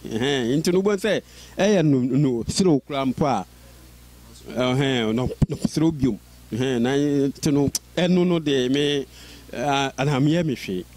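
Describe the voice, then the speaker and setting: A man's voice: mid-range voice, measured pace, a little mellow, a little hiss or hum. A man who stutters, telling his life story in an interview and repeating sounds and words as he speaks. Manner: stutters, with repeated syllables and restarts. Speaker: interview guest.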